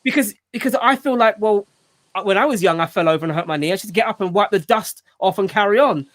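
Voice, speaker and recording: A channel host and father leads a casual group video chat, rambling with many restarts and lots of "you know"s. He talks fast in a high, slightly bright voice.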